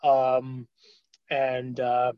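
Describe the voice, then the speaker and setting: A man co-hosting a podcast, chatting casually with lots of fillers and animated retelling. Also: mid-range voice, very slow, dry recording, highs cut off. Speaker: podcast co-host. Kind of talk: casual chat.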